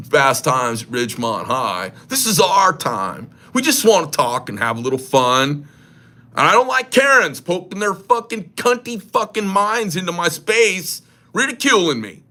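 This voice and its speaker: A man's voice: high-pitched, bright, forceful tone. A man who makes knives hosting a casual livestream, rambling and joking crudely. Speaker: knife maker and shop host.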